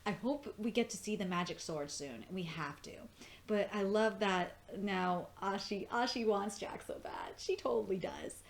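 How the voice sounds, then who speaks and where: A young woman giving an excited, profane, gushing review of a cartoon episode in casual chat. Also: mid-range voice, moderate pace, vocal fry. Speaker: video reviewer.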